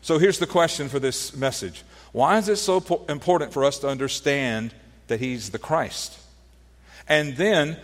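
A man's voice: a little high, long reverb tail. A man preaching a sermon, teaching earnestly with rhetorical questions and frequent restarts. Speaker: pastor.

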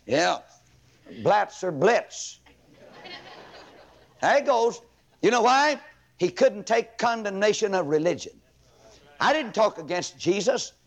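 A man preaching a revival sermon as an evangelist, telling stories with fiery emphasis. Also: on the high side.

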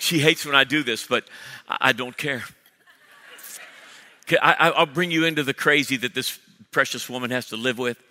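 Bursting with energy, a male pastor jokes with his congregation during sermon announcements, tripping into quick restarts. His mid-range voice is bright and sharp, carried on a stage mic through a large church auditorium. A long church hall reverb trails every phrase.

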